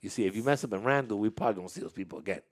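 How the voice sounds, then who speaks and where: A man's voice: on the low side, rapid-fire. A man hosting a casual interview with young dancers, talking in a chatty, storytelling way with frequent laughs and restarts.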